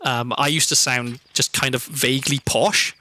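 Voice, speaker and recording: Bright-voiced Welsh man chatting over gameplay. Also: medium pitch, steady tone, moderate pace. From Wales. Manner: chatty, rambling and thoughtful, often trailing into asides. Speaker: game streamer. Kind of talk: casual gameplay commentary. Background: faint background music.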